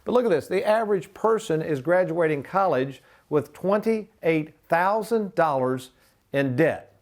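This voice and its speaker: A man's voice: a little high, expressive, unhurried, a little mellow. Folksy older man hosting a money show. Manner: folksy, addresses viewers as folks, walks through numbers. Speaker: financial advisor and show host. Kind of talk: retirement planning talk show.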